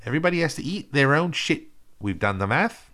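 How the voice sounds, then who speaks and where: A man's voice: big pitch swings, a little fast. A man putting on a New Zealand accent to play a pompous presenter who insists he is Australian. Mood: mock-serious. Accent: put-on New Zealand. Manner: high-pitched mock presenter, loud.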